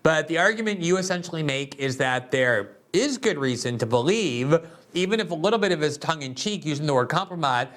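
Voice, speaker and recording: A man's voice: a little high, animated, a little fast, a bit bright. A man hosting a political show, delivering commentary in a sarcastic, mocking manner before interviewing a guest. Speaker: host.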